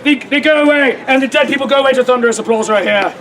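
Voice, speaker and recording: A man performing a comedy show at an outdoor fair stage, loud and playful, bantering with the audience. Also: very high voice, rapid-fire, very noisy. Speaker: street performer. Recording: live outdoor audience audible. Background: crowd laughing and cheering.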